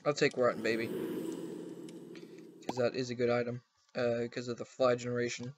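A man's voice: mid-range voice, little pitch movement, moderate pace. Young man, casual let's play commentary, goofy, chatty, noisy home recording. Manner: chatty, goofy, talks to his pets. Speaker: gaming channel host.

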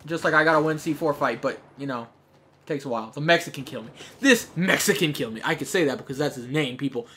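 A man giving jokey, chatty commentary over his own gameplay, breaking into shouts when things get tense. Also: medium pitch, fast, slight background noise. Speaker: gaming YouTuber. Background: game gunfire.

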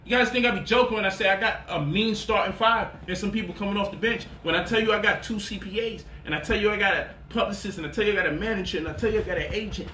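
A man's voice: high-pitched, very fast, few pauses, pushed and bright, a little hiss or hum. Boastful laughing man in an echoey room. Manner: boastful, laughing, swears freely; mocks critics in quoted voices. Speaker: host. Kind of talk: animated livestream talk.

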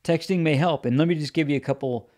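A man's voice: on the high side, quick pace, a little mellow. A man hosting a podcast, giving earnest, plain-spoken practical advice on encouragement. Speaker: podcast host. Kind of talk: solo podcast teaching.

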